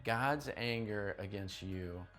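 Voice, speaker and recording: A man's voice: on the low side, slow, fairly bright tone, soft background music. A young man preaching a youth sermon in an emphatic, conversational way, often checking in with his listeners. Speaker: youth pastor.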